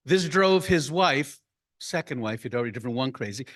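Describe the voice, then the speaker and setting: A man, a rabbi, giving a slow, deliberate report and story to his congregation at an annual meeting. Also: medium pitch, animated, fairly bright tone. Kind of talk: congregational address. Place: room filled with people.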